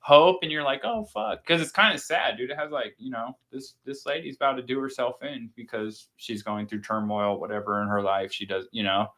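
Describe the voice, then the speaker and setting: A man's voice: medium pitch, fairly even intonation, brisk, few pauses, pushed and bright. A man in casual chat, hosting and retelling a movie in a rambling, profane way. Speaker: podcast host.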